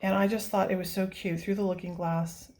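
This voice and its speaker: Woman vlogger, medium pitch, chatty and enthusiastic, quick to laugh. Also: level tone, a little mellow. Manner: chatty, gushing, laughs often. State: tearful, near crying. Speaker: coloring book channel host. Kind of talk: casual show-and-tell vlog.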